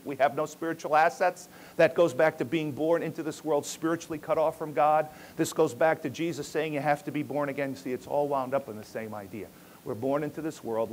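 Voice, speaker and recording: A man's voice: on the high side, a little hiss or hum. A male pastor preaching an emphatic teaching sermon in a church, often checking in with his listeners. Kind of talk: expository sermon.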